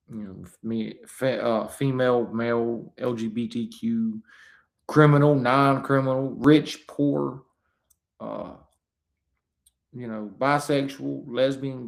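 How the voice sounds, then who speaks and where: A man's voice: mid-range voice, gravelly. A man hosting a live stream, talking in a rambling, preachy way with many fillers and restarts. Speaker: host. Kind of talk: casual live-stream talk.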